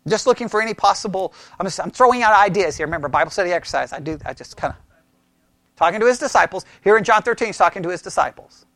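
Male Bible study leader, lively pitch, casual and questioning, dry close sound. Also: quick pace, no echo. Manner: animated, questioning, thinks aloud with many restarts.

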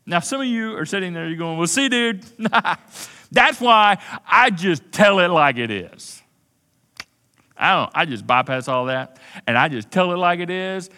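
A man's voice: high voice, vocal fry, bright, forceful tone. A man preaching a sermon as pastor, conversational and emphatic, repeating key phrases and acting out quoted asides. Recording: long hall reverb.

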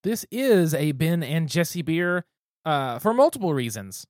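Relaxed man hosting a podcast. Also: on the high side, measured pace, no echo, studio quality. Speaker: podcast host. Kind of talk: casual podcast chat.

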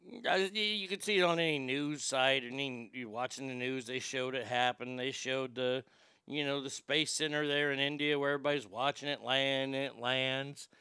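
A man's voice: mid-range voice, normal speed, pushed and bright, clean tone, no echo, studio quality. A man hosting a livestream in casual commentary, rambling with stammered restarts and a mocking tone. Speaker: livestream host.

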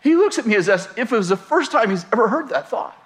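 A man's voice: extremely high pitch, big pitch swings, brisk. A man preaching a sermon, telling a humorous story and often laughing as he goes. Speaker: pastor.

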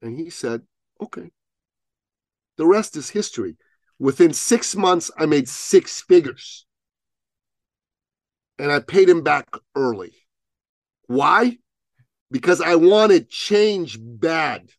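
A man telling a story as a podcast guest, acting out both sides of the dialogue with rising, loud peaks. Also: a little high, animated, takes it slowly, pauses often, no room sound, clean studio sound. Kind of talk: animated storytelling in an interview.

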